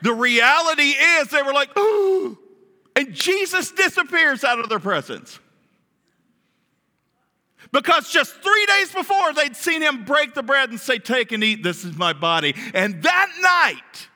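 A man preaching a sermon, telling a story dramatically, his voice swinging from hushed to loud as he acts out voices. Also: very high-pitched, big pitch swings, takes it slowly, pauses often. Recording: long hall reverb.

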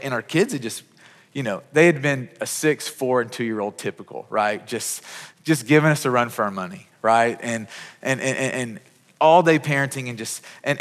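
A man's voice: on the high side, fairly bright tone. Conversational pastor man in a reverberant hall. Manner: conversational preaching with frequent repeated words and restarts. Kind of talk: sermon. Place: church sanctuary. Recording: long reverb of a large hall.

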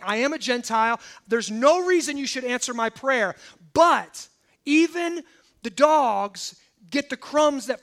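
High-voiced man preaching a lively sermon. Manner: lively, conversational preaching with acted-out quotes. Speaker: pastor.

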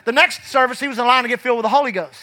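A man delivers a church sermon with fervor, building up to shouts, then going low and quiet as he recounts his past. He speaks at a racing pace.

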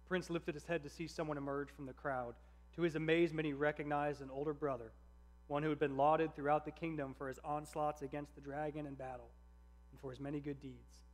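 A man reading a story aloud in a measured, earnest narration. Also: a little high, little pitch movement.

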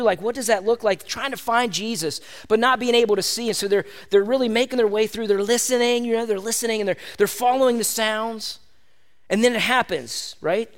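Pastor, male, high voice, chatty, animated sermon delivery. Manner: conversational and animated, addresses listeners as "gang".

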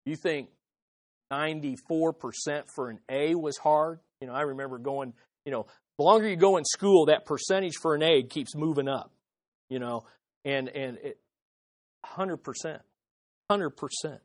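A preacher in full sermon mode, pressing each point by repeating key phrases and putting rhetorical questions to the listeners. The pitch sits in a middle range. The sound is dry and close, with no room echo. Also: normal speed, darkish tone.

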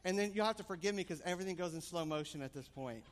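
A man preaching a sermon, telling a family story in an animated, storytelling way. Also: high-pitched, very fast. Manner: animated storytelling, rising excitement. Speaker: pastor. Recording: long hall reverb.

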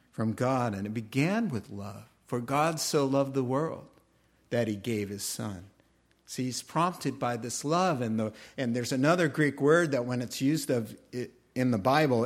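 A middle-aged pastor delivers a sermon at an unhurried, deliberate pace, his voice sitting at an ordinary male pitch. He tells stories earnestly and slips into the voices of the people he quotes. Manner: earnest storytelling with quoted dialogue.

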